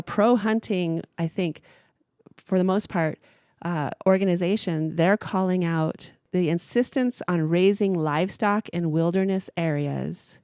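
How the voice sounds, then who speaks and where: A woman with a somewhat low voice talks through ideas earnestly, often restarting her sentences. Her casual radio-show delivery sounds dry and close, with no room around it. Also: a little mellow, clear, resonant tone, no echo. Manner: earnest, explanatory, many restarts. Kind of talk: casual discussion.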